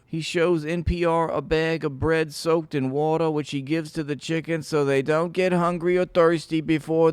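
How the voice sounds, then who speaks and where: A man's voice: fairly high pitch, clear, resonant tone, dry recording. A man streaming, reading an article aloud with sarcastic, mocking running commentary. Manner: sarcastic, mocking, frequent laughs.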